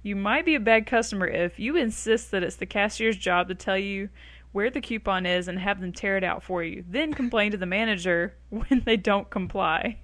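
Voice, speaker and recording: A woman's voice: medium pitch, moderate pace, fairly bright tone, no echo. A woman co-hosting a casual talk show, who laughs often and reads items aloud. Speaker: co-host. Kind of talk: casual chat show banter.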